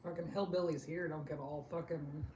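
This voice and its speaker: A man's voice: on the high side, steady tone, brisk, darkish tone, slight background noise. An American man bantering bluntly and profanely as a podcast co-host. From United States. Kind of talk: casual chat.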